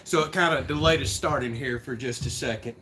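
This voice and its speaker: A man's voice: mid-range voice, sharp tone, a little hiss or hum. Chatty man hosting a livestream. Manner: chatty, rambling, quick to laugh. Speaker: livestream host. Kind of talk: casual livestream Q&A chat. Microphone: phone camera.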